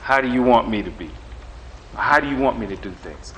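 A middle-aged man preaching a sermon in a lively, conversational way, acting out back-and-forth dialogue. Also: mid-range voice, brisk, a little hiss or hum, rough recording. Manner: animated, conversational, acts out dialogue with God.

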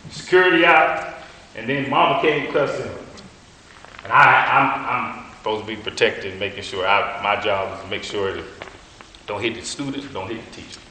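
A man preaching a sermon, telling stories in a colloquial, animated way. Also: fairly low pitch, normal speed, slight background noise. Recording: echoey hall.

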